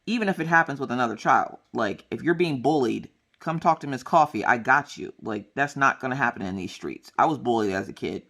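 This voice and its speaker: A woman crafting vlogger telling a story in a blunt, animated, casual way. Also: a bass voice, brisk, creaky, few pauses.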